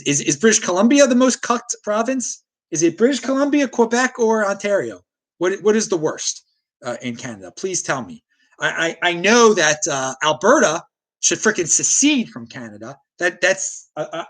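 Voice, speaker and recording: This livestream host is an American man running a solo stream, where he reads chat comments aloud and rants with firm opinions. His voice sits on the high side and has a slightly bright quality.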